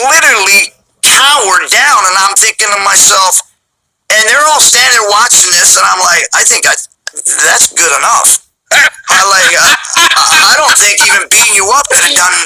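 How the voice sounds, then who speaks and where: A man recounts a story in an interview, his voice high and piercingly bright. He tells it with animation and slips into the voices of the people he quotes. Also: rough recording. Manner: animated, acts out quoted voices while telling. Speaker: interview guest.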